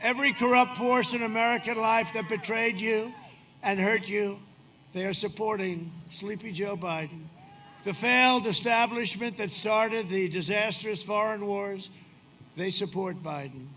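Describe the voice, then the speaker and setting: A politician in his seventies, his voice high and sharp, speaks a little slowly at a windy outdoor rally. His campaign speech is boastful and rambling, peppered with sarcastic asides.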